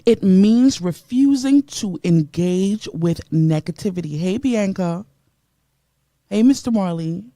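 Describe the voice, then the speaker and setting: A woman's voice: mid-range voice, lively intonation, slow pace, warm tone, no echo. A woman from the Bahamas hosting a motivational radio show, emphatic and preachy, greeting listeners by name from a studio mic.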